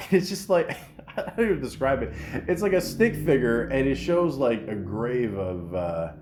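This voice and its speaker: A man's voice: mid-range voice, very animated, measured pace, noisy background. A man hosting a podcast in casual chat, rambling with lots of fillers and frequent laughs. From Canada. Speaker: podcast host.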